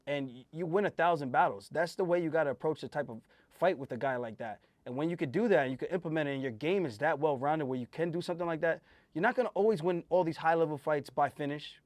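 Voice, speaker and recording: Host and fighter, male, emphatic and animated, slightly high voice, dry sound, casual fight talk. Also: dry recording. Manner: emphatic, animated, swears freely. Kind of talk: casual fight breakdown chat.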